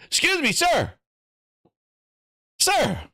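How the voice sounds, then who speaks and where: A man's voice: extremely high pitch, wildly swooping pitch, drawn-out words, creaky, bright, forceful tone, no echo, studio quality. A man hosting a gaming show, riffing in a profane, mocking, rambling way as casual reaction commentary.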